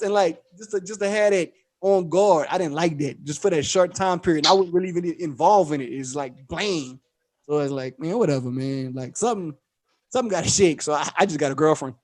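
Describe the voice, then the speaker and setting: A man, hosting a podcast and telling stories in casual chat, animated and laughing often as he acts out voices. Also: sits high, fairly quick. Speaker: podcast host.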